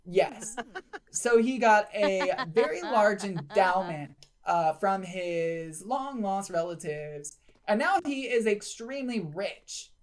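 A woman's voice: mid-range voice, expressive, slow pace. A woman hosting casual gameplay commentary, telling the story in a chatty way with lots of "like" and "you know". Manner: chatty storyteller, filler-heavy "like". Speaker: gaming channel host.

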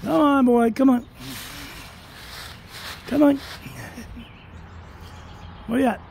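A slow, unhurried owner coaxes a cat along in a sing-song voice with a gravelly edge. The talk is recorded on a phone outdoors in the cold. Faint outdoor noise sits behind the voice. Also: high voice, fairly even intonation, a little mellow. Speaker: cat owner filming a walk. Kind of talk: casual talk to a pet.

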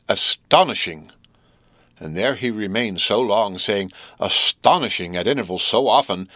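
A male audiobook narrator reading in a steady, measured way. His voice sits low. The recording is dry and close, with no room echo. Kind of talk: scripted narration.

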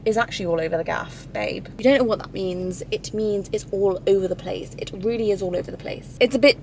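A woman's voice: medium pitch, a bit bright. A young woman with a London accent, chatting candidly in a casual beauty vlog, full of "like" and "babe". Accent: London English. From England. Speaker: beauty vlogger. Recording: faint background noise.

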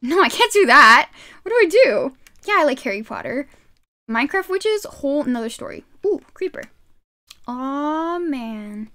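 Woman game streamer, live commentary, excitable yelling, sore throat; bright, high voice. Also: moderate pace.

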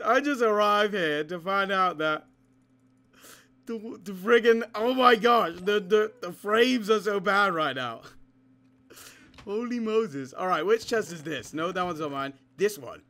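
A young man giving excitable live commentary on his game, often laughing and shouting during fights, with keyboard typing behind him. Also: high-pitched, unhurried. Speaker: gaming YouTuber.

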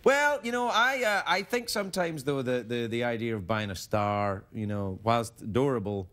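A man's voice: mid-range voice, animated, moderate pace, fairly bright tone. A man hosting a late-night talk show, teasing his guest and jumping into silly voices. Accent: Scottish. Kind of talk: playful late-night chat.

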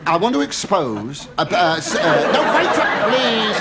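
A middle-aged English comedian with a stammering, camp delivery, full of asides to a live audience. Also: male voice, sits high, sing-song, normal speed, a loud crowd. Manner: stammering, camp asides, ooh-ing and mock protest. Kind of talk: stand-up style sitcom monologue to live audience. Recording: loud studio audience laughter and noise.

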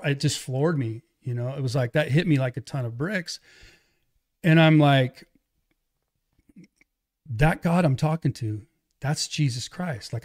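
A middle-aged man sharing his life story in a loose, conversational way, often acting out what people said to him. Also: mid-range voice. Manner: loose, conversational, quotes others in dialogue. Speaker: podcast guest, evangelist. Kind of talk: casual testimony storytelling.

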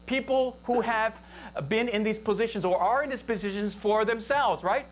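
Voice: medium pitch, moderate pace. Chatty island-accented pastor preaching. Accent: Hawaii local English. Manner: conversational, asks the congregation for responses. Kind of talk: sermon. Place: church service, live-streamed.

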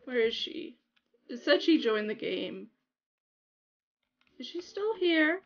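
A young woman chatting casually to her viewers while playing a game on a livestream, giggly and excitable. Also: fairly high pitch, slow pace, dull audio. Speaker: gaming livestreamer. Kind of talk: casual livestream chat over gameplay.

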